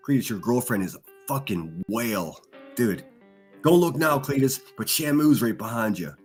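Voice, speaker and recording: A man's voice: medium pitch, animated, normal speed, breathy edge, faint music behind. A man hosting a livestream, reading chat and mocking people with crude insults and laughter. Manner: insulting, sneering, laughs at own jokes. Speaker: livestream host.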